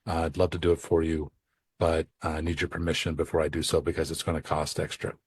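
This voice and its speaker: Low-voiced guy cohosting a podcast, tells stories and does the client's voice, dry close sound. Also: fast, slightly rough, dry recording. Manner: animated storyteller who acts out dialogue. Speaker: podcast co-host and accounting coach. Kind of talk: casual conversational podcast talk.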